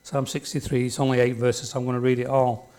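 A man's voice: mid-range voice, level tone, fast, a little mellow. Man preaching, chatty tag questions. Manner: conversational, leans on tag questions to the congregation. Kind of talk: sermon. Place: church.

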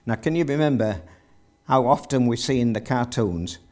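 A man's voice: medium pitch, moderate pace, darkish tone. A man preaching a sermon, retelling a story with vivid narration and rhetorical questions to the congregation.

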